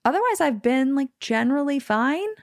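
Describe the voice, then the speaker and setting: A woman's voice: high voice, lively intonation, normal speed, no room sound, clean studio sound. A woman podcast host talking casually, thinking aloud and filling her speech with "like.". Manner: chatty, lots of "like" fillers, thinks aloud. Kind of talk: casual conversation.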